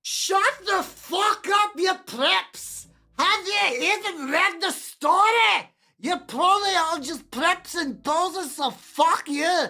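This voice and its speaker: A woman's voice: very high-pitched, slow, few pauses, pushed and bright, pitched above the performer's own voice, full character voice. A woman voicing a furious teenage goth girl author who screams insults at her readers. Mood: screaming, furious.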